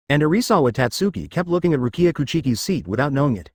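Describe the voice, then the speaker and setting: A man reading a web novel aloud as an audiobook narrator, every line in the same steady narrating voice. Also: medium pitch, fast talker, few pauses, slightly rough, no echo, studio quality.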